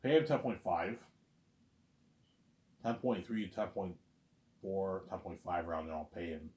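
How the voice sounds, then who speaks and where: A man with a low voice rambles through a casual vlog monologue, circling back on his points and leaning on the same stock phrases. His voice rings off the walls of an echoey room. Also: measured pace, a little mellow. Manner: rambling and repetitive, lots of "obviously" and "you know what I'm saying". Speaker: vlogger. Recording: roomy echo.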